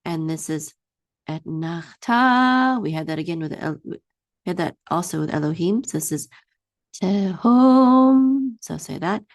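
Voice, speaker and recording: A woman teaching a one-on-one Hebrew reading lesson, patiently singing each word out slowly for her student to repeat. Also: sits low, fairly even intonation, a little mellow, dry recording, studio quality.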